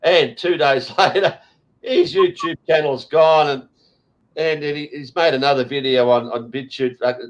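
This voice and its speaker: Man, Australian accent, slightly high pitch, blunt, sweary, casual host chat. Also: measured pace, muffled recording. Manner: blunt, sweary ranting with frequent fillers.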